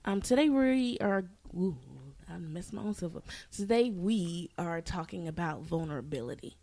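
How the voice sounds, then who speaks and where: A woman with a slightly low voice co-hosts a faith podcast. She explains ideas earnestly, talking fast and catching her own slips as she goes. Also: lively intonation, mellow. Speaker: podcast co-host. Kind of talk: casual faith podcast chat.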